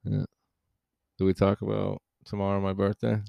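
A man co-hosting a podcast in casual banter, grumpy and deadpan, swearing a lot. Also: lowish voice, normal speed, vocal fry, no room sound, dull audio. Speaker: podcast co-host.

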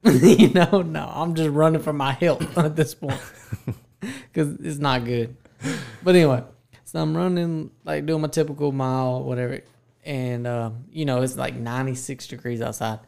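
A man's voice: fairly high pitch, fairly even intonation, normal speed, vocal fry, darkish tone. A man co-hosting a podcast, telling a story in casual chat and laughing often.

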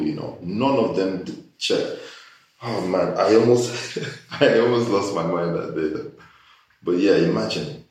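A man hosting a casual chat, animated and joking as he tells stories with disbelief. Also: fairly low pitch. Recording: echoey room, mic far off.

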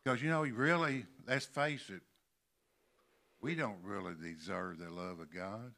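An older man from Kentucky preaching a sermon in a church, slowly stressing and repeating key words. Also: lowish voice, vocal fry, bright, forceful tone. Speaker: pastor. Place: church sanctuary.

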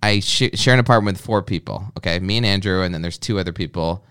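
A young man, telling a crude story in an animated, profane, joking way. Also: deep voice, quick pace, clear, resonant tone. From Canada. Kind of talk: casual crude storytelling chat.

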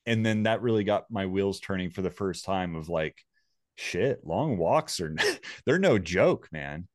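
A man's voice: low-pitched, animated, a little slow, dry recording, studio quality. A man casually telling a personal story, rambling and swearing freely.

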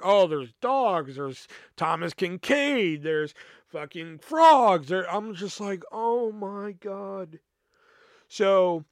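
Profane storytelling man, slightly high voice. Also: dry recording, clean studio sound. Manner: profane, animated retelling with quoted dialogue. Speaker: podcast host. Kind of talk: casual storytelling.

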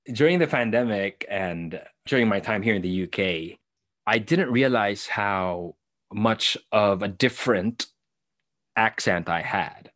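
This interview guest, a young actor from the Philippines, has a lowish, animated, slightly bright voice and a measured pace, with a Filipino English accent. He talks thoughtfully in a conversational way, developing his points and sometimes correcting himself, on a dry, studio-quality recording.

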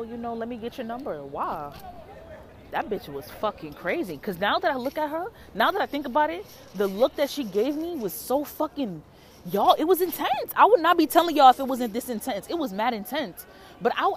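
A woman tarot reader telling a story in a casual vlog, animated, dramatic and full of swearing. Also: a little high, slight background noise.

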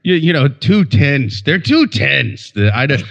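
A man's voice: mid-range voice, big pitch swings, a little slow, vocal fry, a bit bright, dull audio. A man co-hosting a casual podcast chat, crude and sarcastic, joking with a lot of swearing. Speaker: podcast co-host.

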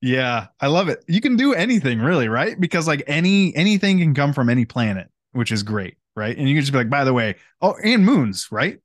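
A man's voice: medium pitch, big pitch swings, fairly quick, few pauses, dry recording, clean studio sound. A man co-hosting a casual chat podcast, easygoing and agreeable, laughing along with his partner. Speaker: podcast co-host.

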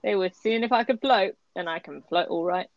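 A woman's voice: medium pitch, fairly quick, no echo. Chatty woman on a dry, dull mic. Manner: chatty, animated, laughs while talking. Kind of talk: casual chat reviewing a story. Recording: dry, slightly muffled lo-fi recording.

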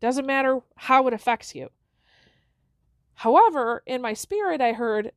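A middle-aged woman talks alone into a close microphone on her podcast, earnest and reflective, stopping and restarting often. Her voice sits a little high, and the recording is dry with no room sound. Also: lively intonation, no echo. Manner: earnest, halting, with frequent fillers and restarts. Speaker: podcast host. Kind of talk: reflective solo podcast talk.

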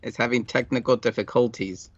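A man co-hosting a casual podcast chat, laid-back and quick to laugh. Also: mid-range voice, steady tone, no echo, muffled recording. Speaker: podcast co-host. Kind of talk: casual chat over beers.

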